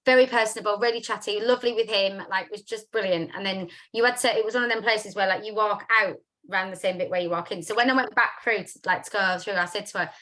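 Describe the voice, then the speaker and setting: A woman's voice: mid-range voice, quick pace, few pauses, bright, forceful tone. A woman hosting a casual live video chat, upbeat and chatty, with lots of fillers. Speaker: host of a business chat.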